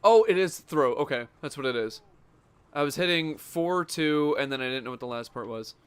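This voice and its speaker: A man's voice: mid-range voice, normal speed, a bit bright, smooth. A man giving casual, jokey commentary while playing a fighting game, reacting aloud to each moment of the match. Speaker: gaming streamer.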